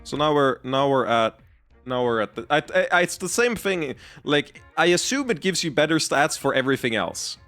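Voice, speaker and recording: A man's voice: fairly high pitch, expressive, moderate pace, a bit bright, soft background music. Giggly rambling male game streamer. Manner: giggly, rambling, with frequent restarts. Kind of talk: casual live-stream commentary.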